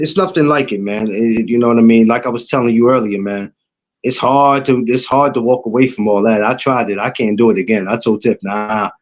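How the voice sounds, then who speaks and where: A man from New York with a New York accent, chatting casually as a guest and telling stories in loose street slang. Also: medium pitch. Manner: laid-back street slang, storytelling with repeated asides. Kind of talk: casual chat.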